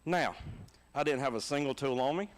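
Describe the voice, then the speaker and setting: A middle-aged man with a Southern American accent, preaching a sermon and telling funny personal stories in a folksy, animated way. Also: mid-range voice, moderate pace. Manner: folksy and animated, laughing at his own stories. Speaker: pastor. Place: church.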